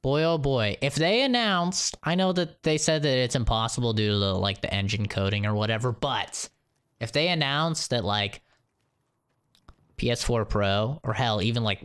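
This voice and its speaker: A man's voice: mid-range voice, smooth. A man chatting casually on a live stream, ranting animatedly with lots of swearing and laughter. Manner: animated, profane, laughing rants.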